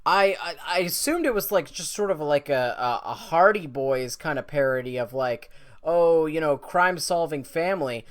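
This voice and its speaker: A man's voice: a little high, moderate pace. A man co-hosting a podcast in casual chat, wry and eager as he reads out lists of titles. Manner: wry, enthusiastic while reading out lists. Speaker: podcast co-host.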